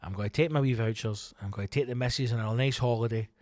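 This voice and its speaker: A man's voice: mid-range voice, quick pace, a little mellow, dry recording, pitched below the performer's own voice, close to an everyday voice. A man voicing a kindly older male mechanic near retirement, who talks in a plain, chatty, matter-of-fact way. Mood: contented.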